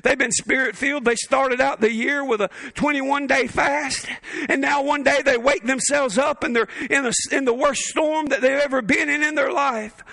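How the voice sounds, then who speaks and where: Give me a bright, forceful male pastor preaching a fervent sermon with humorous asides. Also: very high voice, fairly even intonation, moderate pace, gravelly, dry recording.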